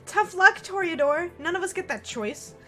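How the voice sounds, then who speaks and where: A woman doing a loud, pushy troll girl, high and bright. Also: animated, normal speed, faint music behind, heavily acted. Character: brash bossy teenage troll girl.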